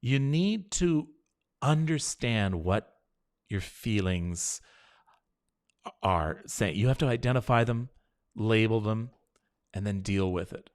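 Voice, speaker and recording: A middle-aged man hosting a live show, reassuring and encouraging viewers as he reads their comments and leads a slow breathing exercise. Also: fairly low pitch, lively intonation. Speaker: host.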